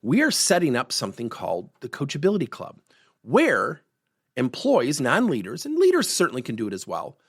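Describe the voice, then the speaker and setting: A man's voice: mid-range voice, brisk, husky, no echo, clean studio sound. A middle-aged man hosting a solo coaching podcast, telling personal stories and acting out the dialogue in them. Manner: animated storyteller, acts out quoted dialogue. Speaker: podcast host and workplace coach. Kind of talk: solo podcast monologue, storytelling.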